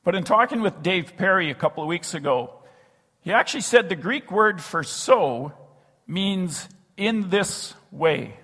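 Pastor guy preaching, slightly breathy voice, big echoey church hall. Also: sits high, animated. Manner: earnest, slows and drops to a hush on key phrases. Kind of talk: sermon. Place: church sanctuary.

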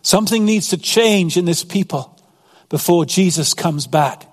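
Man, pastor, earnest sermon, scripture reading, fairly high voice, long hall reverb. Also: unhurried.

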